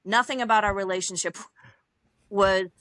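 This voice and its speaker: A young adult woman tells her own story as a podcast guest, her voice sitting at a middle pitch. She bounces into the voices of the people she quotes and peppers her telling with fillers and laughter. The recording is dry, with no room sound around her. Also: normal speed, dry recording. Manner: animated, acts out quoted dialogue, frequent laughs and fillers. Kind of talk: personal storytelling in an interview.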